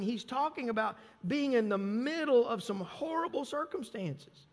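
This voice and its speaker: High-voiced emphatic preacher man. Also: fairly bright tone. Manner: emphatic, repeats phrases and stresses key words. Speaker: pastor. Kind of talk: sermon. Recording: long reverb of a large hall.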